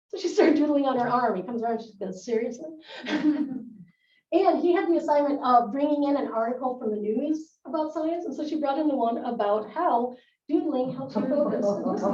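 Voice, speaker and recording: A woman's voice: sits high, warm tone. A middle-aged woman, a nurse practitioner, giving a live talk to school staff in a chatty, wry way. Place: school room. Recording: echoey dull room recording from far off.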